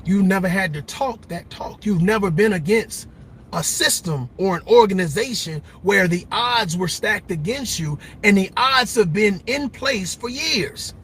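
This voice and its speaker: A man's voice: high-pitched, animated, measured pace, fairly bright tone, a little hiss or hum. A middle-aged man giving a passionate, preacher-like commentary monologue, emphatic and repetitive. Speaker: commentary vlogger.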